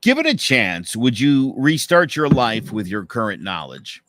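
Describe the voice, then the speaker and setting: A man's voice: mid-range voice, wildly swooping pitch, measured pace, fairly bright tone, dry recording. A young man co-hosting a casual podcast, telling a story with lots of restarts and acted-out quotes. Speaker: podcast co-host.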